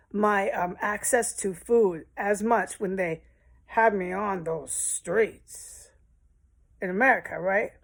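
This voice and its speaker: A woman talking straight to her viewers in a rambling personal monologue, emotional and swearing often. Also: medium pitch. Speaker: vlogger.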